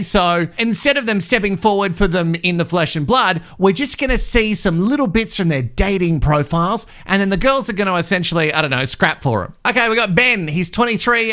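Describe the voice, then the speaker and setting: A man's voice: sits high, bright, forceful tone. A young man hosting a casual recap vlog, playful and sarcastic, laughing often. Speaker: vlog host recapping a reality show.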